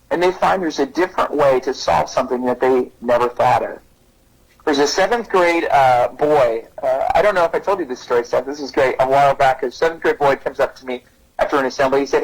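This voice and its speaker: Male guest speaker, thirties, lively storyteller who acts out quotes, husky tone. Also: fairly quick, rough recording. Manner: animated, pitches up to act out quotes. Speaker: guest speaker on parenting and resilience. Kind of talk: conversational podcast storytelling.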